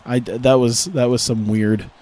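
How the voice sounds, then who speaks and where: A man's voice: mid-range voice, fairly even intonation, moderate pace, warm tone. A man streaming a video game, chatting casually with a rambling, sarcastic manner and frequent laughs. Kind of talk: casual gameplay commentary.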